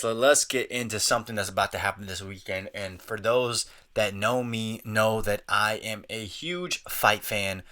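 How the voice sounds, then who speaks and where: Young male podcast host, bright tone, animated and crude, casual comic monologue. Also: fairly low pitch. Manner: animated, profane, jumps into mocking voices. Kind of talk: casual comedic rant.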